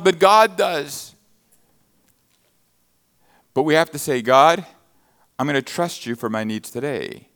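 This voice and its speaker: A man's voice: high voice, measured pace, long pauses, a bit bright, clear, resonant tone. A man preaching a sermon, reading scripture verses and expounding them with emphatic, rising bursts of intensity. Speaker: pastor.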